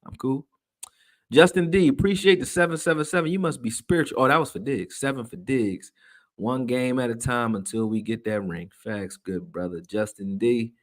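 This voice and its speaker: A man with a medium-pitched voice and a moderate pace hosts a live stream, reading viewer comments aloud and chatting in a casual, slangy manner. He swears freely and grows loud when something gets him going.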